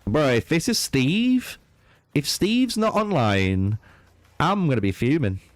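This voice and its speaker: A man's voice: on the high side, sing-song, slow, no room sound. A young man streaming a strategy game, swearing a lot and trolling with chat as he plays. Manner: profane, trolling banter with chat, swinging between raging and laughing. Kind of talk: live gaming stream commentary.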